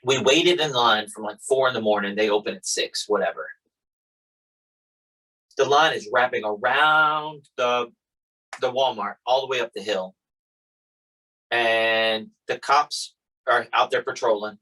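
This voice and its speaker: Guy podcast host, husky voice, gets animated telling stories. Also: mid-range voice, measured pace, long pauses, poor audio. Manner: animated storyteller, acts out quotes. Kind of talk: casual chat.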